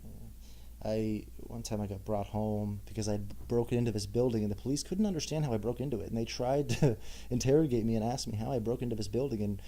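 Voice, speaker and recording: A young man hosts his own podcast, talking alone in a candid, self-mocking monologue. His voice sits low, with a mellow, dark tone. He breaks off into wry asides as he goes. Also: a little fast. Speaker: podcast host. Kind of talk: personal monologue.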